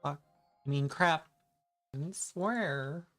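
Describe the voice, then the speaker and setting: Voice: mid-range voice, slow pace, fairly bright tone, soft background music. A streamer hosting a casual livestream, playful and jokey, catching their own swears.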